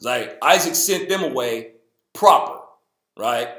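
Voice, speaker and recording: A man with an animated, pushed and bright voice reads the Bible slowly on his casual show, breaking in with jokes and goofy high voices for the people in the story. The sound echoes around the room.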